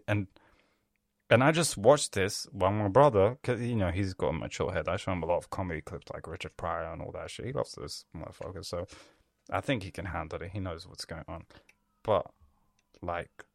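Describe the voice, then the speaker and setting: A man's voice: low-pitched, moderate pace, creaky, no echo, clean studio sound. A young man ranting about a cartoon in a rambling, swearing way with laughing asides. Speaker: video host. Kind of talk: casual profane rant.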